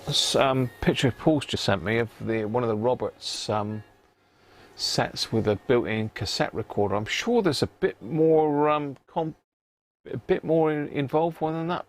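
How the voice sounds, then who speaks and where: A man's voice: mid-range voice, a little slow, slight background noise. A man chatting casually on a live stream while he repairs a radio in his home workshop, rambling and muttering to himself as he works.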